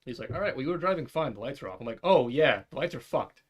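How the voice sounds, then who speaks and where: Fast-talking man telling a rambling story. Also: mid-range voice, lively intonation. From New York area. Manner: rambling and profane, acts out quoted voices. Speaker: podcast co-host. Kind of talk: casual storytelling chat.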